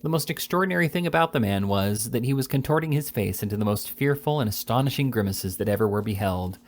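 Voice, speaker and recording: Man, novel reading, amateur narrator, slightly halting, corrects slips, mid pitch. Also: animated. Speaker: reader. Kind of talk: audiobook reading of a classic novel.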